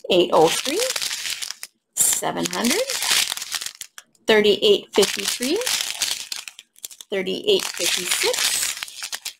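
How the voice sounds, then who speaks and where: A woman vlogger chatting casually while unboxing crafts, reading drill numbers slowly and gushing softly over the colors. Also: mid-range voice, very animated, gravelly, heavy background noise. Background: crinkling bags and clicks.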